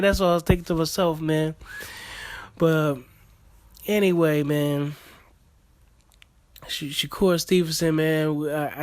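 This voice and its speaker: Rambling man with a bright voice. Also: on the high side, no room sound. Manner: loose, rambling, with laughs and many fillers. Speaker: vlogger. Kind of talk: casual commentary.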